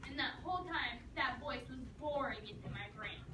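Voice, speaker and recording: A woman performing a comic dramatic monologue, telling the story in a sarcastic, animated way. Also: high-pitched, moderate pace, few pauses. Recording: echoey room, mic far off, noisy.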